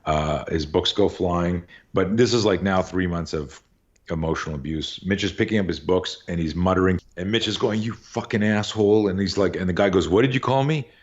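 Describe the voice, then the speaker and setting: A man's voice: low-pitched, brisk, lo-fi sound. A middle-aged man, a podcast guest, casually telling a long anecdote, acting out the voices and swearing now and then. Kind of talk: casual storytelling.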